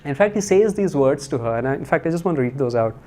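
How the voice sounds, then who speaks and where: Man, slightly high voice, spiritual talk, conversational storytelling, frequent fillers. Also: lively intonation, fast talker, dark tone. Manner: conversational, many fillers and restarts.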